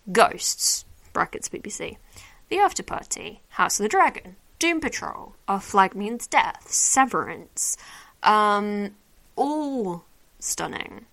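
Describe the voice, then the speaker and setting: A woman's voice: mid-range voice, pushed and bright. A woman hosting a solo podcast, chatting casually and rambling with lots of fillers as she hands out her own awards. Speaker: podcast host.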